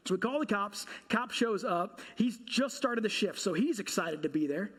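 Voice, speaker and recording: A married man, a pastor, preaching a sermon through a funny personal story, animated and quizzing his listeners along the way. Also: high voice, normal speed. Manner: comic, animated storytelling with audience questions.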